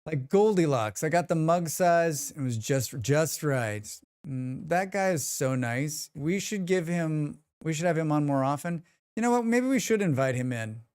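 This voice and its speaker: A man's voice: on the high side, smooth, dry recording, studio quality. A man streaming live, chatting casually and joking with his chat. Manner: rambling, joking, reacts to chat.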